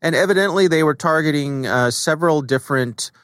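A man's voice: on the high side, fairly quick, dry recording. Casual podcast host man, dry studio sound. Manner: relaxed, conversational with frequent fillers. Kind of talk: casual chat.

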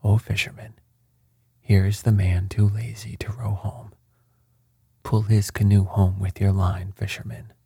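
A man doing a hushed, stern old magician. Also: on the low side, little pitch movement, vocal fry, slightly rough, no echo, clean studio sound, heavily acted. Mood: mocking. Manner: quiet, measured, often whispered. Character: old, mighty male magician, stern and teasing.

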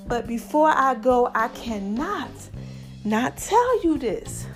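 Female podcast host, high voice, loose and chatty, frequent laughter, faint music bed under her. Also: slow. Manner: chatty and animated, laughs often, calls listeners y'all and baby. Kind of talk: casual monologue to listeners.

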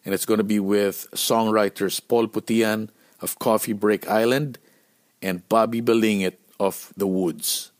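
A man's voice: lowish voice, a little slow. Profane man telling road stories. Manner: animated, profane, acts out quotes. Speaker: podcast host and band musician. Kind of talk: casual storytelling monologue.

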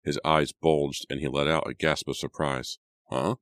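A man narrating a teen thriller audiobook with steady, dramatic pacing. His voice sits very low, and the recording is dry and close with no room sound. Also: moderate pace, dry recording. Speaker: audiobook reader.

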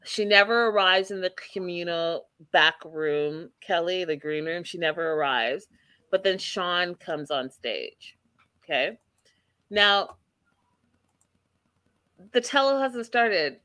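Bright-voiced woman telling a gossipy recap. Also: lowish voice, slow pace, long pauses, no room sound. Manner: animated storyteller, acting out quotes with emphasis. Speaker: podcast host recapping a reality show. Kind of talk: casual chat.

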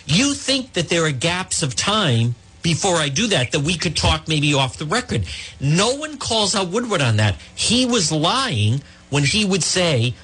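A man hosting a political talk radio show, explaining his points at length to a caller in a husky voice. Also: high voice, moderate pace, rough recording. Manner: animated, addresses caller by name, explains at length.

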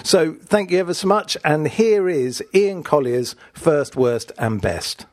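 A man hosting a podcast in casual chat, animated and tripping over repeated words when excited. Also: fairly high pitch, unhurried, no echo. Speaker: podcast host.

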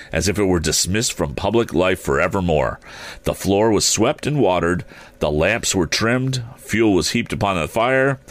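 Deep-voiced expressive male storyteller. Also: dry recording. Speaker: narrator. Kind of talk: audiobook reading.

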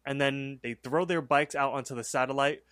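A man at a middle pitch talks through a cartoon plot in a loose, rambling way, leaning on "like" and "um" as he goes. The sound is close and dry, with no room around him. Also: fairly even intonation, normal speed, a bit bright, no room sound. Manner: rambling retelling full of "like" and "um". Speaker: podcast co-host. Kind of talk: casual episode recap.

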